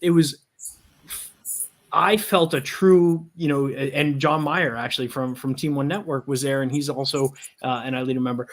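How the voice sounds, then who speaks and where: A man's voice: medium pitch, fairly even intonation, normal speed. A man co-hosting a casual interview show, talking in a meandering way with lots of fillers. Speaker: co-host.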